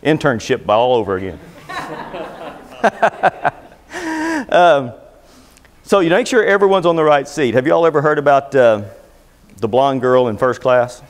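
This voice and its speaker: With a mid-range voice that's animated and a little fast, a middle-aged man tells folksy stories and jokes during a motivational seminar. The live seminar room gives a long reverb tail, and his manner stays casual and conversational.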